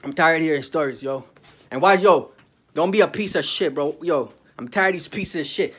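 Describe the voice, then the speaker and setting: A man rants at the camera in a fast, profane tirade, calling out people he is angry with. His voice sits high and quick. He drops to a mutter, then bursts into shouting, with "bro" and "yo" everywhere. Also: slightly rough. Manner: peppers speech with "bro" and "yo". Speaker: vlogger. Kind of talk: angry ranting monologue.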